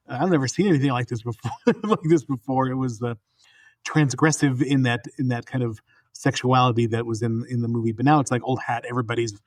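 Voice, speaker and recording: A man's voice: medium pitch, dry recording. Man, middle-aged, from New Mexico, podcast co-host, casual rambling chat, frequent laughter. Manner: rambling, laughs often, trails off and restarts.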